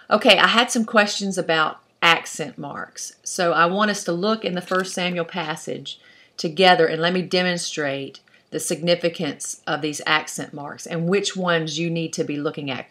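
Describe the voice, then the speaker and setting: A woman's voice: lowish voice, a bit bright. A woman teaching an online class, explaining step by step in a patient way and thinking aloud as she goes. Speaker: Hebrew instructor.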